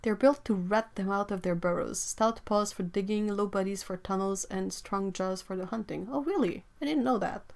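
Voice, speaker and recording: A woman's voice: medium pitch, normal speed, creaky, hardly any pauses, a little mellow. A young woman, hosting a casual livestream, chatting and reading out viewer comments with lots of exclamations and laughs. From Quebec, Canada. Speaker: livestream host.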